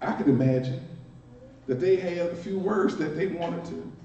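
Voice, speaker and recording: A high-voiced man with a dark tone delivers a chatty sermon at a moderate pace, repeating words and adding playful asides. He's a minister accented from Washington D.C., recorded in a church sanctuary with a distant, roomy, dull sound and a faint hiss.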